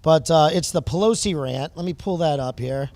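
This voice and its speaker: Rambling man host, high, dry voice. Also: darkish tone, dry recording. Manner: rambling, halting, enthusiastic. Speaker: podcast host. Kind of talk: casual podcast interview.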